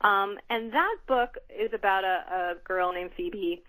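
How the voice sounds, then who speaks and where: A woman's voice: medium pitch, measured pace, sharp tone, low-quality recording. A middle-aged woman author being interviewed, speaking thoughtfully with frequent ums and restarts. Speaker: author guest. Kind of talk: conversational interview.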